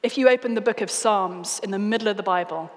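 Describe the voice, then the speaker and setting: A British woman giving an evangelistic talk, telling stories in an earnest, expressive way. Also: mid-range voice, fast. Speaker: guest speaker. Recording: reverberant hall.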